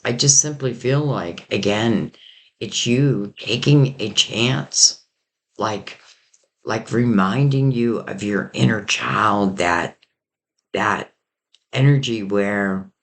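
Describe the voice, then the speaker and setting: Speaking slowly in a low-leaning voice, a tarot reader muses his way through a casual reading. He drifts along with many fillers while gradually losing his voice.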